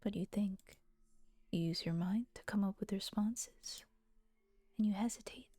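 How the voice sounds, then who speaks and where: A woman voicing a calm, gentle young woman in a visual novel, speaking softly and earnestly in a whispered role-play. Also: medium pitch, measured pace, dry recording, natural voice. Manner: soft, earnest, often whispered.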